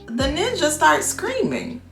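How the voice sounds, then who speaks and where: A woman nurse vlogger telling a work story in casual chat, slangy and animated, acting out what people said. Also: high voice, takes it slowly, vocal fry, echoey room, faint music behind. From Florida. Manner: animated, slangy, acts out quotes.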